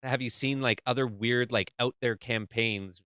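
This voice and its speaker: A man chats casually on a horror podcast and leaps up in pitch to act out a crowd's reactions. His voice is smooth and clear, in a dry room. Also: normal speed, no echo. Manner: animated, acts out crowd reactions. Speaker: podcast co-host.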